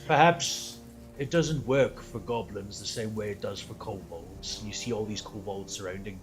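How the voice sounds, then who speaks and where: A man narrating a tabletop game as game master, lively and laughing often, with loose asides. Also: on the low side, normal speed, soft background music.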